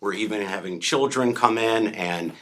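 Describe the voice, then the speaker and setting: Man, gallery owner guest, lowish pitch, forceful bright voice, explains art at length. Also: normal speed, slight background noise. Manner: explanatory, storytelling. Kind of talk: casual interview chat. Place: TV studio.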